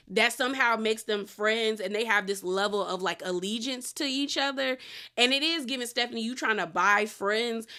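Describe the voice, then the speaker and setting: A woman giving a casual, opinionated recap of a reality TV episode, full of slang and quick quoted lines. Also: on the high side, bright, forceful tone.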